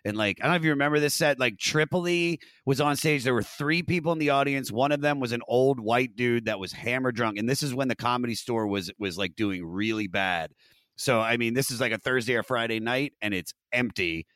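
A man of middle pitch hosts a podcast in a loose, casual chat. His voice sounds dry and close to the mic. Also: fairly quick, a bit bright, no echo. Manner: loose, swearing. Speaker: podcast host.

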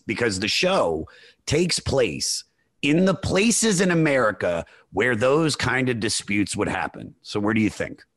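Excitable rambling man, dry close sound. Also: medium pitch, measured pace, no room sound. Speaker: podcast host. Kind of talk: casual chat.

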